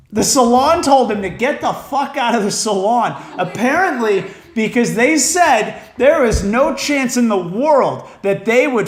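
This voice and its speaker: A man's voice: high voice, fairly bright tone. A male stand-up comedian telling stories on a podcast in a rambling, profane, casual way with lots of fillers. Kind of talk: casual comic storytelling. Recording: roomy echo.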